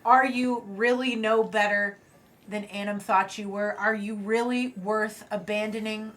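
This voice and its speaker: A woman's voice: medium pitch, fairly bright tone. Impassioned woman giving an in-character speech. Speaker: player. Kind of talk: tabletop role-play, in-character speeches.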